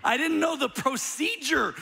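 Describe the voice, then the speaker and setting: A middle-aged man preaching a sermon as a pastor, telling a story with animated humor. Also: very high voice, measured pace, gravelly.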